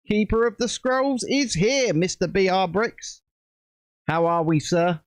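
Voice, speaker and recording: Chatty male streamer: lively, rambling, dry close sound. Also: sits high, normal speed, no room sound. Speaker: streamer host. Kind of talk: casual live-stream chat while building.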